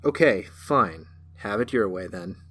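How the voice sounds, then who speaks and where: A man voicing a slow, drawling smug black cat. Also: fairly low pitch, expressive, husky, faint music behind, voice pushed down, full character voice. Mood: bored. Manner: slow, quiet, drawling and sardonic. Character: cryptic, bored, smug talking black cat.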